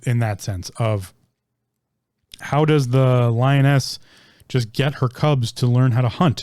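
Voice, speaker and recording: A man's voice: medium pitch, a little mellow, no room sound, studio quality. A man hosting a solo podcast, rambling with many ums and restarts, casually swearing as he searches for words. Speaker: podcast host.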